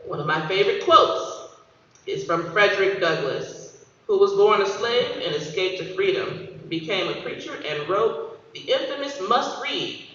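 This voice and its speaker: A woman's voice: medium pitch, expressive, unhurried, a bit bright. A woman in her thirties from Michigan, a guest speaker giving a graduation speech, telling a story and calling out to the audience. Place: large hall. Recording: echoey hall from far, dull.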